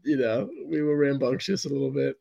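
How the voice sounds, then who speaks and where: A hoarse young man co-hosting a casual sports podcast, rambling and laughing often. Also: medium pitch, steady tone, brisk, mellow, muffled recording. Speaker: podcast co-host.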